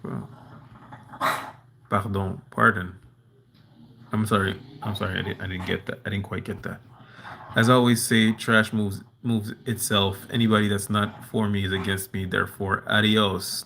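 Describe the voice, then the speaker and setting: A man's voice: on the low side, gravelly, fairly bright tone, a little hiss or hum. A man hosting a casual livestream, talking in a rambling, earnest way full of "you know" while answering his chat from home. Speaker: livestream host reading chat. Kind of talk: casual monologue to a live chat. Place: at home with a dog nearby.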